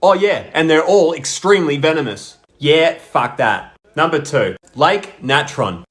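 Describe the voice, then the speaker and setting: A man's voice: fairly high pitch, a bit bright. An Australian man with a brash, sweary, slang-heavy manner, delivering comic countdown commentary. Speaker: comedy content creator.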